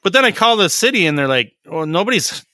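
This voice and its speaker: A man's voice: sits high, very animated, fast talker, sharp tone, no room sound, studio quality. A middle-aged man on a podcast, a licensed tradesman who rants bluntly, swears freely and acts out the exchanges he describes. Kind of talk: casual podcast chat.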